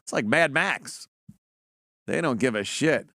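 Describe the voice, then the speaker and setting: A man's voice: mid-range voice, lively intonation, a little slow, pushed and bright, no echo, clean studio sound. A middle-aged man hosting a show, giving a blunt, profane, mocking opinion monologue in casual talk. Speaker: podcast host.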